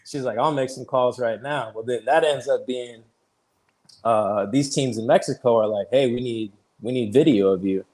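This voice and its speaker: A man in his thirties, a pitcher guest on an interview show, telling his story casually, peppered with "like" and easy laughs. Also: normal speed, darkish tone. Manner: chatty, fills speech with "like", retells conversations; laughs easily while telling stories.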